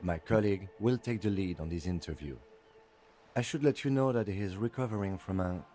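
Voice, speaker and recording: An actor playing a calm, formal police lieutenant in a video game. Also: male voice, low-pitched, slight background noise, close to an everyday voice. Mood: composed. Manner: formal, measured. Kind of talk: game voice acting.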